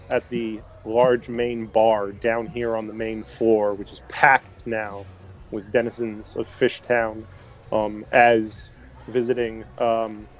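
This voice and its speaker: A man as game master narrating a tabletop role-playing game, unhurried and full of fillers. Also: on the low side.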